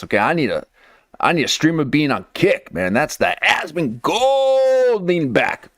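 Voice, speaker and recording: A hyped man hosts in a mock streamer persona, pitching his voice up and down constantly and tagging his lines with "okay?". His voice sits on the higher side. The sound is close and dry. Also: very animated, normal speed, no room sound. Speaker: host of a comedy clip channel. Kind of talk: comedic streamer persona bit.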